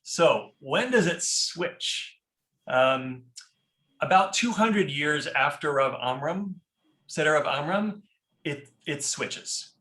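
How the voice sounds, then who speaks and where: A man's voice: on the high side, expressive, slow pace, sharp tone, echoey room. A man teaching a class on a prayer book, explaining step by step and often checking in with "right?". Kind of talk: informal class lecture.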